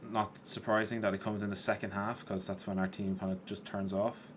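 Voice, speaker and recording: A man with a lowish voice comments briskly on the football video game he's playing, being chatty and swearing at the players. His excitement rises at points, while at others he's tired and yawning. The audio has a slight hiss or hum.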